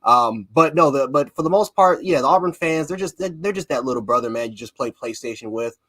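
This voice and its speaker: A man from Buffalo, New York, co-hosting a casual sports talk show, excitable and rambling. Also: mid-range voice, brisk, dry recording. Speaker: co-host, fan panelist.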